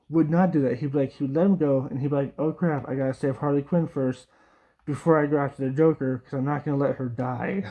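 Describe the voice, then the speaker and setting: A man's voice: a little high, dull audio. A young man giving a casual, rambling review, with lots of fillers and little laughs. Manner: rambling, frequent fillers, laughs, mock quoting voices. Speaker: video reviewer.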